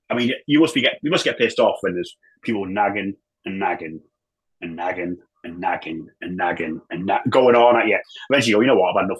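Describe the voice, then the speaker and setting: A husky-voiced man talks football as a podcast guest. He is animated and rambling, doubles back on himself constantly, and drops the odd swear. His voice sits in an ordinary male middle register. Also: medium pitch, poor audio. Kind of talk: casual chat.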